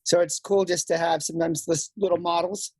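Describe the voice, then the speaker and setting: A man's voice: on the high side, a little fast, breathy edge, no echo. A man chatting casually on a podcast, enthusiastic and acting out what people say. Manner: enthusiastic, lively, mimics people. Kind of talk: casual chat.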